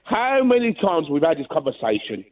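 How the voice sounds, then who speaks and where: A man's voice: a little high, big pitch swings, normal speed. A man calling in to a radio show, chatting cheekily and rambling, swearing now and then. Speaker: caller. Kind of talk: casual phone-in chat. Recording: muffled distant phone line.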